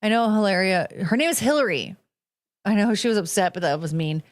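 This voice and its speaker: A woman's voice: medium pitch, animated, brisk. A woman hosting a podcast, giving blunt, profane commentary on video clips and dropping into mocking impressions. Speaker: podcast host.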